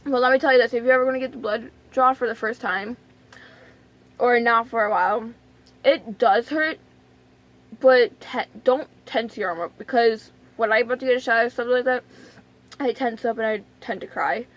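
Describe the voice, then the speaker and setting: A young woman with a high voice tells a story to the camera in a loose, rambling way. She trips over fillers and restarts, and her voice often drops to a soft, emotional near-whisper. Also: moderate pace, dull audio. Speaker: vlogger.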